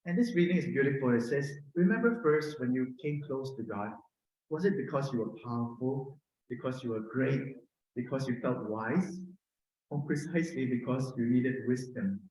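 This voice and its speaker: A middle-aged man with a Filipino accent gives a conversational sermon in a gentle, personal way, often asking "no?". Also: medium pitch, moderate pace. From Philippines. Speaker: preacher. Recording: very echoey room.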